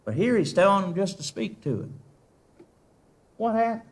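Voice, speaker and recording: A male preacher delivering a sermon. He asks the congregation questions and swings from loud emphasis to very soft, quiet lines. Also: high voice, sing-song, unhurried, pauses often.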